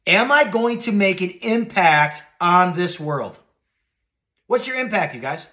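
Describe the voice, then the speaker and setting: Man, middle-aged, high voice, podcast host, motivational, earnest, preacherly, soft lows and emphatic highs. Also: animated, a little slow.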